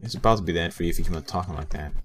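A man's voice: low-pitched, rapid-fire, slight background noise. A young man casually commenting on a game he is playing, rambling with lots of fillers and talking back to the characters. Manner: rambling, many fillers, mutters to himself. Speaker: gameplay commentator. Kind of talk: casual let's play commentary.

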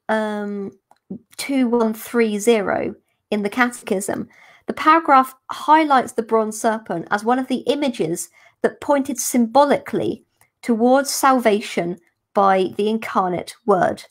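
Nun explaining scripture, slightly high voice. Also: female voice. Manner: explanatory, careful, unhurried teaching. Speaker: religious sister teaching scripture. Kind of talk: podcast scripture commentary.

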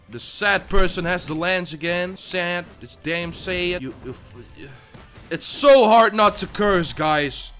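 A man commentating his own gameplay for his channel, jumping between loud outbursts and low muttering, often repeating himself. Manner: swears, stammers and repeats himself. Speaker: gaming YouTuber.

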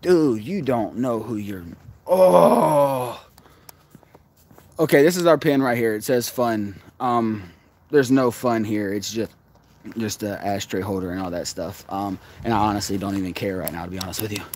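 A man's voice: fairly low pitch, fairly quick, darkish tone, slight background noise. A man on a live-stream vlog, arguing and then muttering to himself, recorded outdoors in a parking lot at night on a handheld phone. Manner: agitated, argumentative, muttering to himself. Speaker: live streamer exploring locations.

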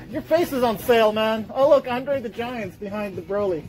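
A man hosts his vlog in a playful, rambling way, cracking jokes between remarks. His voice sits high for a man. He talks into a handheld camera in a big store. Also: normal speed, a little mellow, faint music behind. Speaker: host. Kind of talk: casual vlog chat. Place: big retail store aisle.

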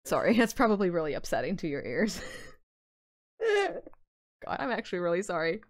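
A woman streaming a game with casual live commentary, excitable, swearing freely and laughing often. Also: on the low side, moderate pace, dry recording, studio quality.

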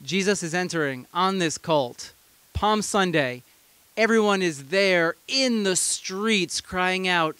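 A man's voice: high-pitched, takes it slowly, sharp tone, clear, resonant tone, dry recording. A man pastor preaching a sermon, retelling a story conversationally with amused asides.

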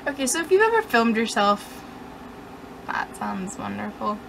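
A woman's voice: medium pitch, very animated, moderate pace, vocal fry, fairly bright tone, a little hiss or hum, low-quality recording. A young woman YouTuber chatting to camera in a joking, mock-boastful way. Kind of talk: casual chat to camera.

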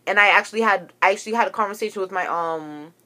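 A woman's voice: medium pitch, fast, sharp tone. A young woman ranting to camera, agitated and profane as she tells a story about a falling-out. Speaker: vlogger.

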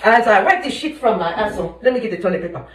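A woman's voice: mid-range voice, lively intonation, very fast, roomy sound, far from the mic, a little hiss or hum, close to an everyday voice, low-quality recording. A woman playing a brash bawdy mother ranting from the toilet. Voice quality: brash, exclamatory, crude. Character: loud bawdy middle-aged mother on the toilet. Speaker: comedic mother character. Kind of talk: comedy sketch acting.

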